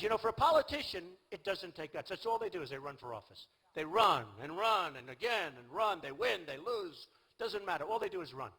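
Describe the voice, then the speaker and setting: Boastful raspy older man at a rally. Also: sits high, bright, forceful tone, poor audio. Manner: boastful, rambling, repetitive. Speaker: political candidate at a rally. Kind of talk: rally speech. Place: large outdoor rally venue.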